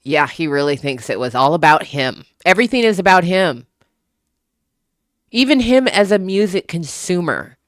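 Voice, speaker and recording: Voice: medium pitch, expressive, moderate pace, no room sound, studio quality. An author chatting casually to a livestream audience from a room at home, loose and profane, laughing often into a small microphone. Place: home room with window open. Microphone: small desktop microphone.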